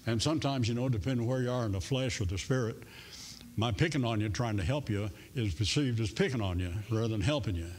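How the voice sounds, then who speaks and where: A man preaching a sermon in a church in a folksy, humorous way, with soft music faintly behind him. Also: medium pitch, fast talker. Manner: folksy and humorous, playing out voices in stories. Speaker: pastor. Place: church sanctuary.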